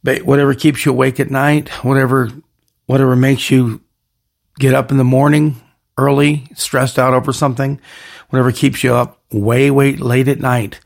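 A man's voice: mid-range voice, level tone, moderate pace, gravelly. A man hosting his own podcast, talking alone in a rambling, hyped style full of slogans and catchphrases. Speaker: podcast host. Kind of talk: solo podcast monologue.

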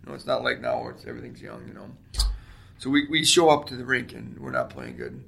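A man in his forties from Canada, an interview guest telling animated stories and shouting out quoted lines. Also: mid-range voice, quick pace, vocal fry. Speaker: guest, former pro hockey player. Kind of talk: storytelling interview.

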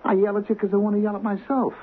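A man's voice: sits high, flat delivery, very fast, breathy edge. An actor playing a volatile male crook who swings from snarling threats to wheedling, in a radio drama. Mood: coaxing. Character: volatile male crook, bullying yet pleading. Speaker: gang member. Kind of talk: 1970s radio drama acting. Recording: tinny old radio broadcast.

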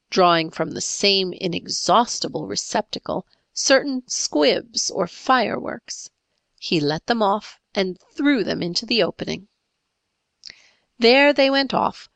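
A woman narrating a classic story in a measured, expressive reading. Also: medium pitch, gravelly, no room sound.

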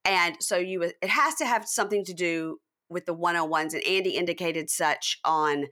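A woman podcast host in casual chat, animatedly recapping a reality show and acting out the cast's lines. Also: normal speed. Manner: animated, acts out cast quotes in high voices.

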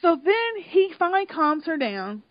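Animated high-voiced woman retelling a story. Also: moderate pace, dry recording. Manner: animated, emotional storytelling with swearing. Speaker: podcast co-host recapping a reality show. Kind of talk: casual chat. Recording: dull lo-fi sound.

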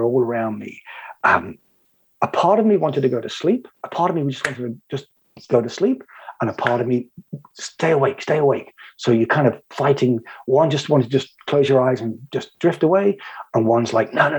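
Very husky man telling a story. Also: medium pitch, low-quality recording. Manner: halting, repeats phrases for emphasis. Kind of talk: personal storytelling.

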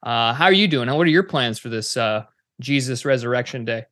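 A man from the United States hosts a podcast in relaxed, rambling talk full of fillers. His pitch is average and his sound is dry and close. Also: brisk, no room sound. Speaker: podcast co-host. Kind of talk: casual podcast chat.

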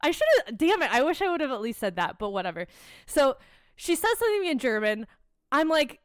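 A young woman tells a story in loose, casual chat, cursing freely as she goes. Her voice sits a touch high and comes across smooth and clear. The sound is dry and close, with no room around it. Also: fairly quick, dry recording. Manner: swears a lot, animated storytelling.

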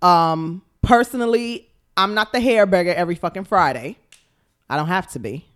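A woman's voice: lowish voice, normal speed. A frank woman talking in casual banter as a podcast co-host, swearing freely and laughing often.

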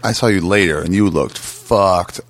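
A man's voice: sits low, normal speed, no echo. A man listening to a story and reacting with short remarks and laughter.

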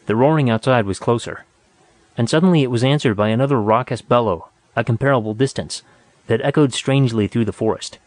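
A man reading a story aloud in a steady, measured narration. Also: mid-range voice, no room sound. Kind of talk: audiobook narration.

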